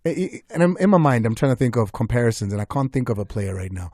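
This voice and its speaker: Guy on sports radio, chatty, lots of uhs, dry mic, mellow tone. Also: mid-range voice, very animated, fast, no echo. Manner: chatty, with frequent fillers and restarts. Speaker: radio sports show host. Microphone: studio microphone.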